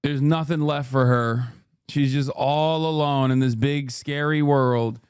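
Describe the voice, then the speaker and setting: A man reacting to video clips in casual commentary, sarcastic and quick to swear, often cutting himself off mid-word. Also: mid-range voice, fairly even intonation, a little mellow, clean tone, no room sound, clean studio sound.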